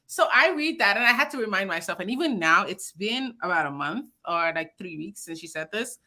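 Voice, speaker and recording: A woman chats casually as a podcast host. Her voice is bright and clear, and she tells stories in an animated way, packed with fillers and quick laughs. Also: medium pitch. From Nigeria. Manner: animated storytelling, laughs often, many fillers. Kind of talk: casual chat.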